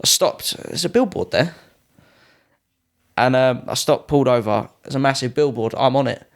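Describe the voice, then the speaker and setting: A young British man in his twenties speaks at a medium pitch and moderate pace. He's a Muay Thai fighter appearing as a podcast guest, casually telling lively anecdotes and raising his voice to act out what other people said.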